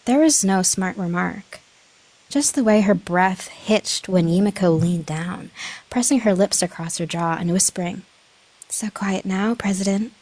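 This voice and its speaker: A woman's voice: mid-range voice, no echo. A woman streamer reading a story aloud on a live stream, giggling and correcting herself as she goes.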